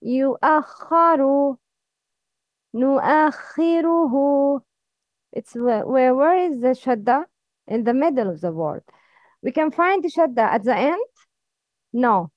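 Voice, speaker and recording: A woman teaching Arabic letters, drilling words slowly and asking the listener to repeat after her. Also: high voice, very animated, no echo. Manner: slow, careful drilling with repeat-after-me prompts. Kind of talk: slow recorded lesson. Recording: dull, lo-fi sound.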